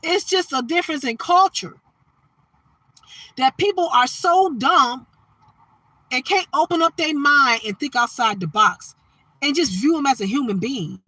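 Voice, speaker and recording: Lady going live on her phone, high bright voice, dry sound, keeps asking if u get her. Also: expressive, unhurried, pauses often, no echo. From Detroit, Michigan. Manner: emphatic, repeats "you understand what I'm saying". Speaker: livestream host. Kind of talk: preachy livestream monologue.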